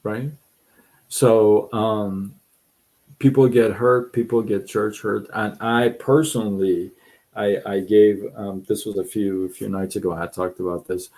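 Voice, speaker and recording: A man's voice: lowish voice, fairly even intonation, measured pace, darkish tone. A middle-aged man hosting a live stream, telling a personal story in a rambling, repetitive way and acting out what others said. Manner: rambling, repeats himself, quotes people in voices. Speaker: livestream host. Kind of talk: casual storytelling chat.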